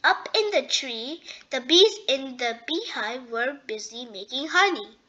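A woman reading a children's storybook aloud, gentle and expressive. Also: sits high, unhurried, muffled recording. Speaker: storybook reader. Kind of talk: children's read-aloud narration.

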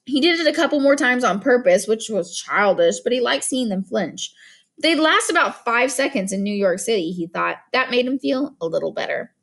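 A woman narrating an audiobook in an expressive storytelling manner, doing voices for each character. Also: a little high, moderate pace, creaky.

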